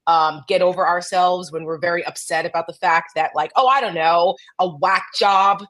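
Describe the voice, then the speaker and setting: Jersey-accented woman co-host; blunt, lively, cusses, casual chat delivery. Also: on the low side, normal speed. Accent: New Jersey. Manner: animated and blunt, swears freely.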